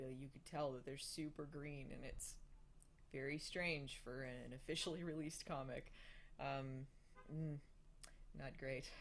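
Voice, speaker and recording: A woman's voice: deep voice, a little hiss or hum. Chatty, laughing woman host on a live stream. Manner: laughing often, halting with fillers and restarts. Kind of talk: casual live-stream chat, reading viewer questions.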